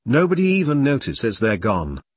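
A man's voice: medium pitch, wildly swooping pitch, moderate pace, breathy edge, no echo. A man doing Boggart, a furious pompous order leader. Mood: raging. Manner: ranting, barking insults.

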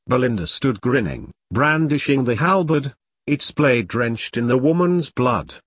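A man reading a dark comic story aloud with dramatic storytelling. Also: mid-range voice, lively intonation, a little slow, slight background noise. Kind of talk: audiobook narration.

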